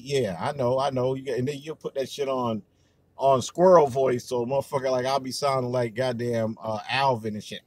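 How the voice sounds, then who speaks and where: Brief: male livestream host, mid pitch, AAVE speech, rambling and cussing, dry close sound. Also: steady tone, normal speed, no room sound. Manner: loose, profane, rambling with many fillers. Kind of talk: casual livestream talk.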